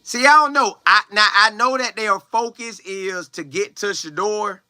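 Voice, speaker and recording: A man's voice: high-pitched, measured pace, pushed and bright, clear, resonant tone, no room sound. A young man who plays college football, livestreaming and answering viewer comments in a loose, slangy, chatty way with frequent exclamations. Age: young adult. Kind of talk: casual live chat, reading viewer comments aloud.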